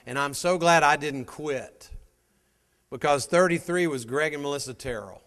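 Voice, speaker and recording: Energetic man rallying a sales crowd. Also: on the high side, moderate pace, clean tone. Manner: energetic, emphatic, fires rhetorical questions at the crowd. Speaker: motivational speaker at a sales meeting. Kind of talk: motivational speech to a live audience. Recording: long hall reverb.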